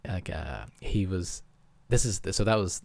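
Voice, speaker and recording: A young Irish man telling stories as a podcast guest, animated and acting out other people's lines. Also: deep voice, normal speed, gravelly, no echo. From Ireland. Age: young adult. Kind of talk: casual storytelling.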